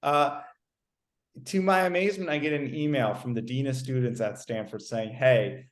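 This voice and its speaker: A young man in his twenties, a podcast guest telling a story in a casual, animated way, often stumbling over repeated words. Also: mid-range voice, normal speed. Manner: animated, repeats words, many "like"s, acts out quoted exchanges. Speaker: interview guest.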